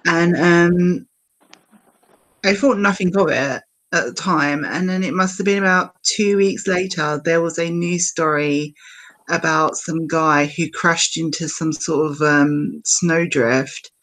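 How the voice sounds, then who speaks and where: A woman's voice: low voice, slow pace, a bit bright, rough recording. A woman on a podcast, telling a personal story hesitantly, with many fillers. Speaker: guest. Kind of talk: casual storytelling.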